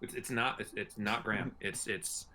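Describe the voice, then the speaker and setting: A man's voice: on the low side, moderate pace, crowd noise. A man hosting a podcast in casual group chat, rambling with frequent fillers and laughs. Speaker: podcast host.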